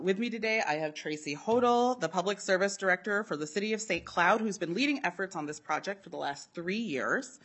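A woman's voice: lowish voice, fairly bright tone. A woman legislator presenting a bill to a committee in a friendly, lightly scripted way. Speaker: state legislator.

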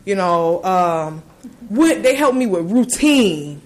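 A woman in her thirties, a parent giving personal testimony, telling her story in an earnest, animated way with many restarts. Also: medium pitch, slow.

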